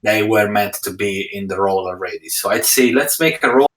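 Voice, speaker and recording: Earnest player in an echoey room. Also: male voice, lowish voice, a bit bright. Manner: earnest, halting, repeats words. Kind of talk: casual tabletop game talk. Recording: echoey room audio from far off.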